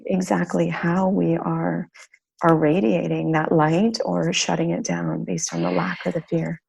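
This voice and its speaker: A woman's voice: fairly low pitch, lively intonation, unhurried, vocal fry, a little mellow, breathy edge, lo-fi sound. A woman hosting a podcast interview, speaking in an earnest, reflective way. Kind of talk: conversational interview.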